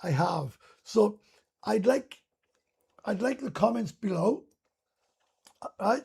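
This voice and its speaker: A man's voice: high voice, lively intonation, takes it slowly, vocal fry, pauses often, darkish tone, husky. A Welsh man hosting a casual live stream, reading viewer comments aloud and answering them bluntly, swearing freely and often restarting his sentences. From Wales.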